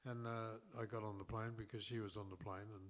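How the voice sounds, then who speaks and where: A man's voice: lowish voice, flat delivery, fast talker. Older Australian man spinning rambling yarns. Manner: rambling anecdotes with many restarts and chuckles. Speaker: co-host telling stories. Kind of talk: casual storytelling chat.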